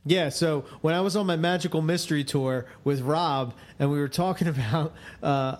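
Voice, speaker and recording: A man's voice: mid-range voice, a little mellow, slight background noise. A man with a Philadelphia accent co-hosting a podcast, talking casually with easy laughs. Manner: laid-back, easy laughs. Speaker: podcast co-host. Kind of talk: casual chat.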